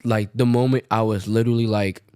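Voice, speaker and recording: A young man telling a story casually on a podcast, animated and quoting voices as he goes. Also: fairly low pitch, a little fast, clean tone, no room sound, studio quality. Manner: animated, tells stories with quoted voices.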